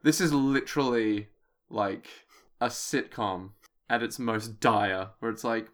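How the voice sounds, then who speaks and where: A man co-hosting a podcast in casual chat, jokey and animated, slipping into mocking voices. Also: on the low side, slow pace. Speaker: podcast co-host.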